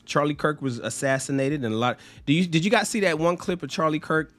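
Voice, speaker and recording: Faint music runs under a social commentator's blunt, profane opinion monologue to camera, where he emphatically mocks the people he quotes by acting them out. His voice is a little high and fairly bright, with a steady tone and a fairly quick pace.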